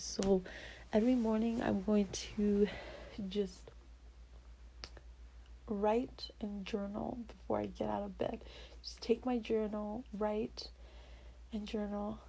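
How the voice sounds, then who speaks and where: Soft-spoken young woman with a gravelly edge. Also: mid-range voice, a little hiss or hum, poor audio. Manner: earnest, often drops into a half-whisper, repeats affirmations. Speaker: vlogger. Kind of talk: personal goal-setting talk to camera.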